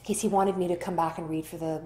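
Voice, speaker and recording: A woman actor with a lowish, mellow voice talks quickly in a steady tone, with roomy echo around her. In a candid interview she rambles chattily, telling stories and acting out the dialogue.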